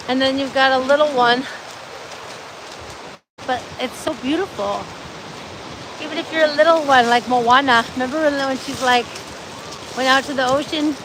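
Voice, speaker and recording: A woman hosting a live walking vlog on a beach, chatting upbeat straight to her viewers. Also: high-pitched. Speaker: livestream host. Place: outdoors on a beach. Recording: outdoor phone audio with loud surf noise. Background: surf and wind noise.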